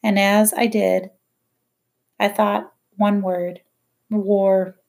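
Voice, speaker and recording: A woman narrating a novel in the first person, in a quiet, measured, reflective way. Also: mid-range voice, level tone, vocal fry. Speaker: audiobook narrator.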